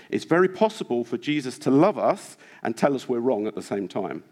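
A male preacher delivers a sermon in a church with a mid-range voice. He talks earnestly and urges his listeners on, often pausing on rhetorical questions to the congregation. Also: mid-range voice, sing-song, a little mellow. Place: church hall.

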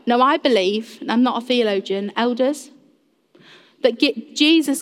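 A woman preaching a sermon in earnest, addressing the congregation directly and acting out quoted voices. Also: fairly high pitch. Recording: long reverb of a large hall.

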